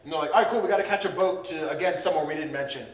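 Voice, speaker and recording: A man's voice: fairly high pitch, rapid-fire, reverberant, far from the mic, rough recording. A man hosting a casual podcast, animatedly recapping a movie and acting out the characters in silly voices. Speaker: podcast host.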